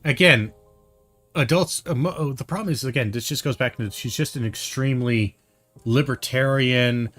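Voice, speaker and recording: Male commentator, mid-pitched, loose and rambling, a bit worked up, light music bed. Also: moderate pace, a bit bright. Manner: rambling, heated, many fillers and restarts. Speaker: commentator reacting to a video. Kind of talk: casual spoken commentary.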